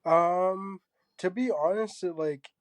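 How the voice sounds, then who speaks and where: In this dry recording, a young man from Zambia, interviewed as a guest artist, talks in a high voice. His casual manner is gentle and halting, packed with filler words.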